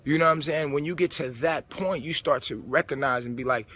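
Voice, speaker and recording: A man's voice: on the high side, brisk, sharp tone. Streetwise man preaching in a slightly raised voice. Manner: streetwise preachy talk, slangy and emphatic. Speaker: spiritual vlogger. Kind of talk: casual spiritual monologue. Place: old supermarket converted to a club.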